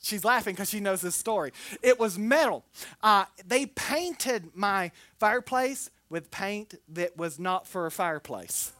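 A woman preaching a sermon, telling personal stories in an animated way and jumping into acted quotes. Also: mid-range voice, measured pace, no room sound, clean studio sound.

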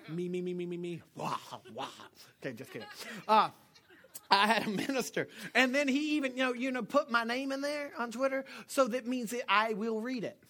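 This middle-aged pastor's sermon is animated and brisk, delivered in a very high voice. He jokes with the congregation and lurches from quiet asides into loud shouts.

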